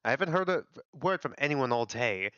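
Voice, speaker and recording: A scornful, idle doctor in middle age, put on by a man, who drops his voice low and brushes everyone off. The delivery is dry and dismissive, and the sound is dull and close on a dead-dry mic. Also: expressive, brisk, fairly bright tone, smooth, dry recording, lightly acted. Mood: amused dismissive. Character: lazy, mocking middle-aged male doctor.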